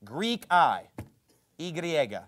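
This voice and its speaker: A man preaching a sermon in a church auditorium, forceful and combative, often building to loud emphasis. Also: a little high, very animated, very slow, a little hiss or hum. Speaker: pastor.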